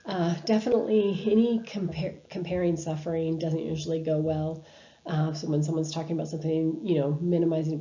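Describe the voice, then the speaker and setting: Low, mellow-voiced woman lecturing casually. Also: fairly even intonation, fairly quick. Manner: conversational, with frequent ums and restarts. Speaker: university instructor. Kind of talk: recorded lecture over slides. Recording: dull lo-fi lecture recording.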